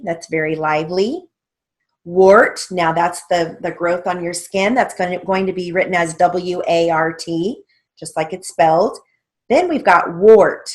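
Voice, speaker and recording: A woman walks students through a stenography theory lesson. She speaks slowly and carefully, in a slightly low voice, and spells out letters and key strokes one by one. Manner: slow, methodical, spells out letters and keys. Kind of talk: instructional lesson walkthrough.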